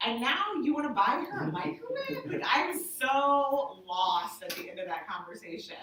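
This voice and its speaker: A woman who works as a sign language interpreter, telling stories to a group in a chatty, animated way with lots of "like". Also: high-pitched, moderate pace. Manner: animated, chatty, heavy use of "like". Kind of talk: casual storytelling to a group. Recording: echoey room, voice from far off.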